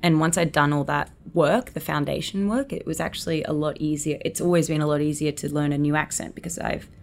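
An Australian woman in her twenties with a notably low voice. She tells animated anecdotes as a guest and slips into the voices of her own thoughts as she goes. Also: a little fast, slight background noise. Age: 20s. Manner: lively, acts out her own inner thoughts. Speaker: actress guest.

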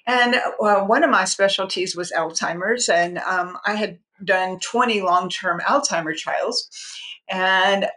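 A woman's voice: mid-range voice, a little slow, bright, forceful tone. A woman in her sixties, a psychiatrist guest on a podcast interview, telling her own story candidly and earnestly. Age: 60s. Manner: candid, earnest, with light laughs.

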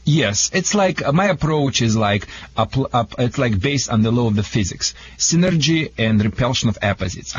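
A man with a Russian accent, an animated and jokey guest on a radio show, speaking halting English. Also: medium pitch, husky. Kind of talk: radio call-in chat. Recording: slightly dull radio sound with hiss.

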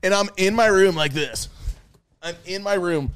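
Young male co-host, slightly high voice, animated profane storyteller who acts out the quotes. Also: normal speed, a little hiss or hum. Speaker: podcast co-host. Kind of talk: casual storytelling chat.

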